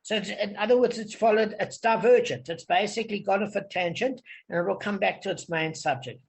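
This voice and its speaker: A man's voice: sits high, brisk, creaky. A man from Africa, leading an online Talmud study group and explaining patiently, often checking that everyone follows. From South Africa.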